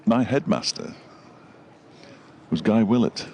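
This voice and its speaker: A man's voice: fairly low pitch, animated, slow pace, darkish tone. A man co-commentating live on cricket, with dry, wry asides, from a windy gazebo at the ground.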